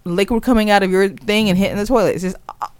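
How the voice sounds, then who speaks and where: Una mujer que conversa de forma casual, contando una historia con animación y soltando risitas mientras habla. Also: female voice, medium pitch, quick pace, smooth, dry recording. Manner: giggly, keeps chuckling while she talks; animated storyteller. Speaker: podcast co-host. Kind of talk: casual chat.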